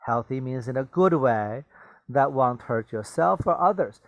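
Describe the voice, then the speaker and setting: With lively intonation and a measured pace, a man of medium pitch teaches English vocabulary; the audio has no echo but sounds muffled. In this bilingual lesson he repeats and explains words, glosses them, and asks "okay?" and "right?".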